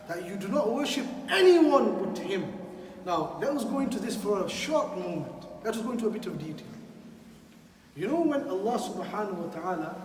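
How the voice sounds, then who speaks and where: A man's voice: high voice, darkish tone, a little hiss or hum. A man giving a sermon as imam in a mosque, emphatic, repeating key phrases and putting questions to the audience. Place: mosque hall. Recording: echoey hall, from far off.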